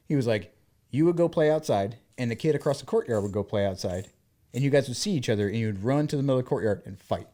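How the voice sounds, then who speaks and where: A man in his thirties from the American South, co-hosting a podcast in casual chat and telling stories by acting out the things people said. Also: fairly low pitch. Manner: animated storyteller who acts out quoted dialogue. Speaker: podcast co-host.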